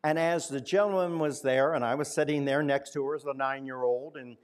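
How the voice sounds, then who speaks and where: A male pastor telling a story in a sermon, conversational, slowing down and dropping to a hush at key points. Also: mid-range voice, fairly even intonation.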